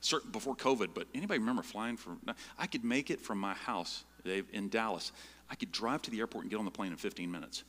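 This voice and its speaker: A middle-aged man preaching a sermon, telling a personal story in a conversational way and often checking in with the listeners with a quick "right?". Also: fairly low pitch, fairly bright tone, big-room sound. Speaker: pastor.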